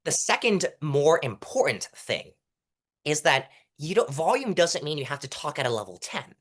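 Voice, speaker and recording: This is a young man giving advice on courtroom presence in a relaxed interview. His pitch rises and falls a lot. He keeps stopping to act out short lines and shows how loud and soft delivery sounds. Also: moderate pace. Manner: animated, demonstrates delivery by reciting lines at different volumes. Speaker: interview guest, mock trial competitor. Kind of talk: casual coaching interview.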